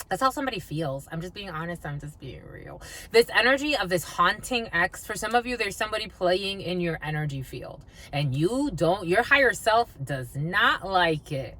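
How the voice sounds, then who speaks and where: A woman's voice: fairly low pitch, very animated, normal speed, hardly any pauses, bright, forceful tone. A woman giving a channeled tarot reading, blunt and swearing freely, and sometimes half-singing her lines. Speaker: psychic reader.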